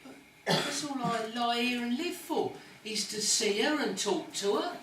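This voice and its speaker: A woman's voice: a little high, animated, unhurried, fairly bright tone. A woman playing an earnest, homesick married man in a hospital bed, pleading about his wife and children. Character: devoted married male patient, homesick. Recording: echoey room, distant mic, faint noise.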